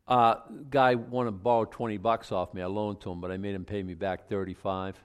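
A middle-aged male pastor preaching in a conversational way, breaking into loud emphatic outbursts. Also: lowish voice, fairly even intonation, brisk, clean tone. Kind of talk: sermon.

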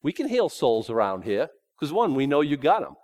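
A man preaching a sermon in a folksy, emphatic way, swinging between loud points and hushed asides. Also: fairly high pitch, huge pitch swings, moderate pace, dry recording.

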